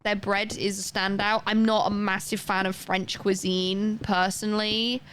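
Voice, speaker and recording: A woman streaming a game and talking as she plays. She rambles in a chatty way, full of fillers and restarts. Her voice sits at a mid pitch with a faint hum of ambience behind it. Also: little pitch movement, measured pace, fairly bright tone. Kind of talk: casual chat while gaming.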